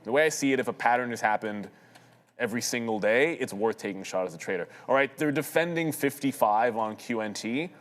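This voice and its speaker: A man calls live trades in a quick, casual way, thinking out loud as he goes. His voice carries a long reverb from the room around him. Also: mid-range voice, expressive. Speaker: day trader co-host. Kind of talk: live market commentary. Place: trading floor studio.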